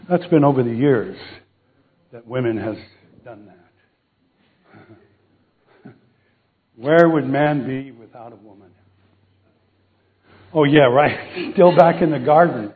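A man's voice: fairly high pitch, animated, slow pace, pauses often. A man preaching a casual sermon, telling a Bible story, acting out the voices and joking with the audience. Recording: tinny phone-like sound.

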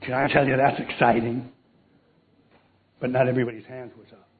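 A man preaches a sermon in a mid-range, brisk voice with a level tone, captured on a tinny, phone-like recording. He jokes and quizzes the congregation with questions.

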